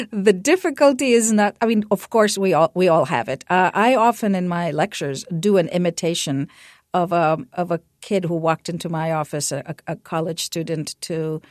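Woman, middle-aged, a bit low-voiced, explanatory, restarts, dry studio. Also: no echo. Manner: explanatory, animated, with frequent restarts. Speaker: guest researcher. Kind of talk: radio interview answers.

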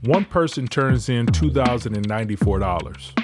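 A male radio narrator reads his scripted story at a steady pace. Guitar music plays clearly under his mid-pitched voice. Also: moderate pace.

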